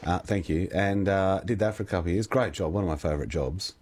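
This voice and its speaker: A middle-aged man with an Australian accent hosting talkback radio in a relaxed, chatty way, laughing easily. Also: low-pitched, fast. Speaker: radio host.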